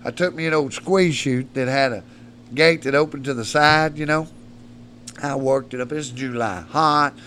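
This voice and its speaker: A man's voice: medium pitch, normal speed, bright, forceful tone, a little hiss or hum. A man, a podcast guest telling rowdy, profane stories and laughing as he goes. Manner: profane, laughs mid-story. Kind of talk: rowdy storytelling.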